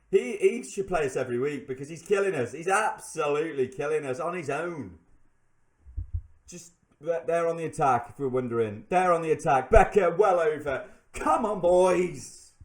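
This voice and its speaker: Excitable man commentating a game. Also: on the high side. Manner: excitable, exasperated, talks to viewers as boys. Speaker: gaming channel host.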